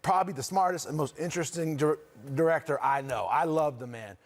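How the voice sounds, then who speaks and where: Male, 40s, from Boston, slightly higher voice, loose rambling guest-chat delivery. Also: brisk. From Boston area. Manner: relaxed, rambling with frequent restarts and fillers. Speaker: guest actor. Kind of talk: casual chat.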